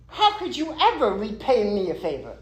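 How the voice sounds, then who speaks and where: A man's voice: high voice, wildly swooping pitch, moderate pace, echoey room. A man voicing a huge, proud male elephant who leads a herd in a spoken fable, amused and condescending.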